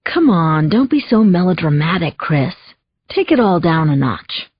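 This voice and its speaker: A woman's voice: on the low side, big pitch swings, measured pace, breathy edge, heavily acted. A woman voicing an evasive married businessman who talks in a placating, slightly condescending way. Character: smooth evasive middle-aged married businessman. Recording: dull lo-fi audio.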